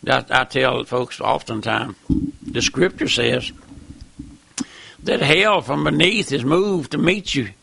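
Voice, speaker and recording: A man's voice: a little high, vocal fry, pushed and bright, slightly rough, dry recording. An older man preaching a fiery old-time sermon, fervent, with stammering restarts and repeated calls of "my friend".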